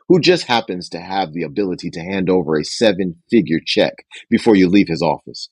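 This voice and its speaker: Male host reading a sales book; low husky voice, lively intonation, dry close sound. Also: no room sound. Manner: acts out phone dialogue with raised pitch for characters.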